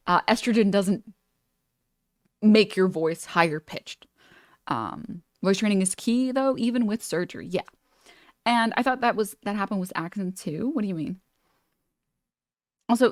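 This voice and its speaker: A woman's voice: mid-range voice, no echo, clean studio sound. A woman streamer chatting casually while reacting to a video, rambling with many fillers and restarts. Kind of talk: casual live-stream chat.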